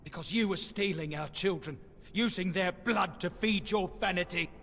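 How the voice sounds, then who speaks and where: A man's voice: high voice, moderate pace, sharp tone, in a large hall, slight background noise. An actor voicing an aggrieved male villager ghost in a video game, speaking bitterly. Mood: accusing.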